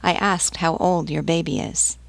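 Woman doing a tough army cook lady with a soft side, low voice, a bit gravelly. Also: animated, no echo. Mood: kindly. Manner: brisk yet gentle. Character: sturdy female army canteen-keeper, soldierly but kind.

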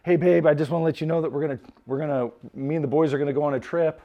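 A man's voice: a little high, fairly even intonation, racing, lo-fi sound, pitched above the performer's own voice, close to an everyday voice. A man voicing an ancient wise man who casually tells his wife he is heading off on a trip with the boys, talking like a modern guy. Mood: breezy. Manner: breezy, offhand, talks like a modern guy.

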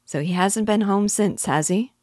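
A woman's voice: medium pitch, normal speed, darkish tone, dry recording, clean studio sound, voice pushed up, lightly acted. A woman reading aloud and voicing a blunt, gossiping male horse dealer in a chatty, insinuating way.

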